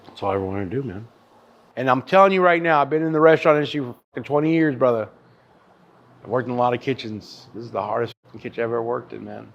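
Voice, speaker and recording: A man in his thirties, a barbecue chef, telling stories in a casual interview, animated and profane. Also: medium pitch, fast talker, creaky, dull audio. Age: 30s.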